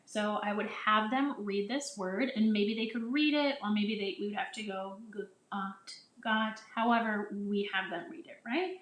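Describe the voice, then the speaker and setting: A woman teacher walks other teachers through a phonics lesson in a casual, chatty way. She often restarts her sentences and sounds out vowel sounds as she would for young children. Her voice sits at a middle pitch and carries a noticeable echo from the room. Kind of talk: casual instructional explanation. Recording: echoey room.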